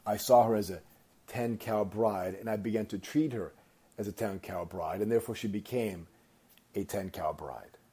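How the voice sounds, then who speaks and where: A man voicing a dashing young prince in a story, speaking quietly and slowly with calm wisdom. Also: fairly low pitch, breathy edge. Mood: calm, wise. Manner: quiet, slow, measured.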